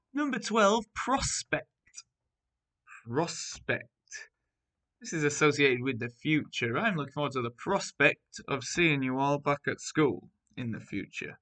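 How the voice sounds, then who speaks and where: A man's voice: fairly high pitch, bright, forceful tone. A man teaching primary school, reading out a spelling test word by word with example sentences. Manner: clear, deliberate word-by-word dictation with example sentences.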